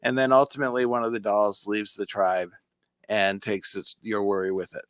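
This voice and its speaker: A man's voice: fairly low pitch, flat delivery, normal speed, a bit bright, clear, resonant tone, dry recording, studio quality. A man co-hosting a casual chat show about magic, explaining tricks step by step and counting aloud. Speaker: podcast co-host.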